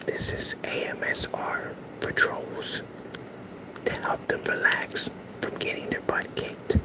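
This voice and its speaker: A man doing a whispered role-play as a mock ASMR host, slowly and breathily soothing angry trolls in a teasing way. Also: natural voice, low-quality recording. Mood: mocking calm.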